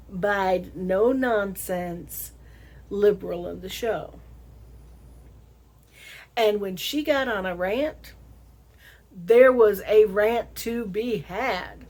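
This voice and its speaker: Slow-talking Southern woman, chatty. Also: medium pitch, darkish tone. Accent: American Southern. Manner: chatty, laughs often, slow drawn-out emphasis. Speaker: vlog host. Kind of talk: casual monologue to camera.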